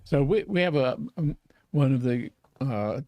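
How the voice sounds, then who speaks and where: A man's voice: mid-range voice, lively intonation, a little slow, mellow, no echo. A man hosting an interview, asking friendly, rambling questions. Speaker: interview host. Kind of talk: conversational interview.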